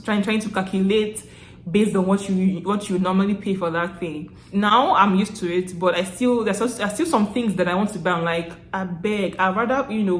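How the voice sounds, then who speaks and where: A young woman from Nigeria with a Nigerian accent, telling stories to camera in a chatty, animated way, often laughing and restarting her sentences. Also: medium pitch, roomy sound, a little hiss or hum. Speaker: vlogger. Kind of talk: casual storytelling to camera.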